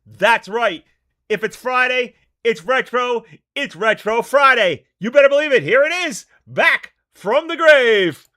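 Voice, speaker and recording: A chatty, excitable man hosting a casual livestream. His voice sits very high, and he greets viewers by name. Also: a little slow. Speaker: show host.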